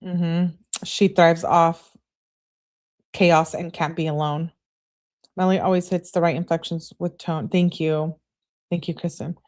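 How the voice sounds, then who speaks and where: A woman's voice: lowish voice, unhurried, long pauses. Woman streamer reading texts live, chatty little asides. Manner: chatty, animated asides and laughs. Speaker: channel host.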